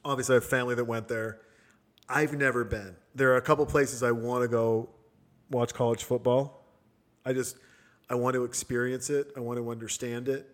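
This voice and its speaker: A middle-aged man hosting a casual chat, telling stories in an animated way and acting out other people's voices. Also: mid-range voice, moderate pace. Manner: animated, acts out voices in anecdotes. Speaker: podcast host.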